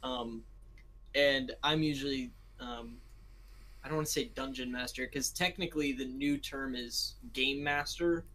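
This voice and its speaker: Young adult American male, podcast co-host, rambling self-deprecating chatter, laughs easily, middle pitch. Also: fairly even intonation, a little slow, bright, forceful tone, poor audio. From United States. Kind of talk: casual chat.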